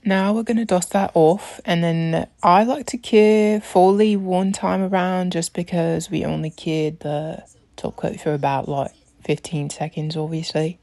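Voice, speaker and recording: A young woman with a low voice and lots of vocal fry talks through her nail routine. She rambles casually, drifts into side stories and keeps dropping "like" between her steps. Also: steady tone, moderate pace, warm tone, no echo. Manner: rambling, lots of "like", laughs while talking. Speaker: nail tutorial creator. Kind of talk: casual chatty tutorial voice-over.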